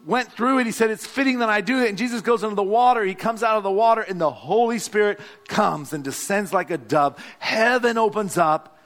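A man's voice: high voice, a little fast, hardly any pauses, a bit bright. A male pastor, preaching a sermon and calling out to the congregation. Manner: exhorting, calls out to the congregation.

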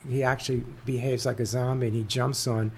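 During a relaxed interview, a male author guest speaks in a medium-pitched, gravelly, rasping voice against slight background noise. Working through an idea, he halts often, restarts sentences and fills pauses with ums and uhs.

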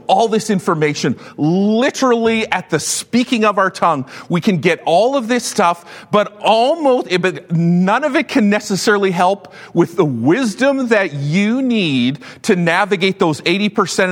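A man in his fifties, a pastor giving a sermon with animated, joking storytelling. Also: high voice. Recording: long hall reverb.

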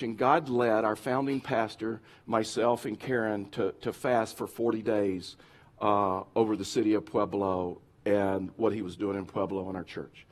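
A middle-aged man preaching as a pastor, lively and conversational, now and then acting out whiny complaining voices. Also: medium pitch. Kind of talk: sermon.

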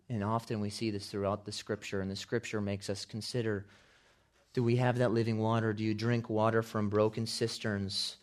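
A man preaching a sermon, building from calm storytelling to loud, shouted climaxes. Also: lowish voice. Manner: preaching with big swells, shouting quotes at climaxes. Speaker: pastor.

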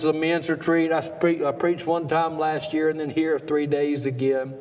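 A man's voice: on the high side, little pitch movement, normal speed, few pauses, slight background noise. A man preaching an emotional sermon as a guest preacher, repeating words in a rising and falling emphatic cadence. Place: church sanctuary. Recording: long church reverb, faint ambience.

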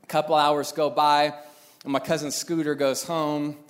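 A young adult man preaching a sermon, telling a childhood story with lively acted-out voices. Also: a little high, normal speed. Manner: animated storyteller acting out voices. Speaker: pastor.

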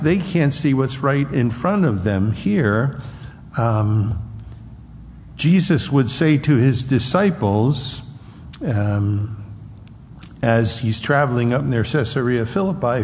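Slow, earnest preacher in a reverberant hall. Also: male voice, medium pitch, slight background noise. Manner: earnest, builds to loud acted crowd taunts. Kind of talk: sermon. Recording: reverberant hall with faint ambience.

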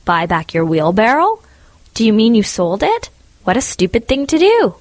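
A woman's voice: fairly low pitch, expressive, fairly quick, no room sound. A woman voicing a selfish, self-serving miller in a storybook reading, who talks in a preachy, sanctimonious way about friendship. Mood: hearty.

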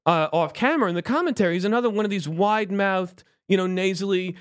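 A man co-hosting a podcast in casual chat, rambling and animated, slipping into quick voice impressions. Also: sits high, smooth. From United States. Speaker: podcast co-host.

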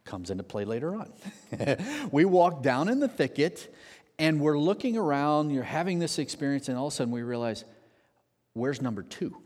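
A man preaching a sermon, telling a story with lively energy and acting out the quotes. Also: on the high side, normal speed. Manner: animated storyteller, acts out shouted quotes. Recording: long hall reverb.

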